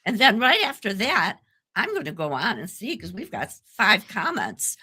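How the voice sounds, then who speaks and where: A woman's voice: medium pitch, huge pitch swings, moderate pace, bright, forceful tone, breathy edge. A woman hosting a live online talk show, moderating and encouraging her guest with short affirmations. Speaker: host.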